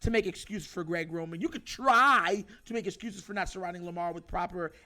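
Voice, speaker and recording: High-pitched, emphatic sports show host. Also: male voice, a little fast. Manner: animated and emphatic, addresses viewers as y'all. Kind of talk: sports opinion monologue.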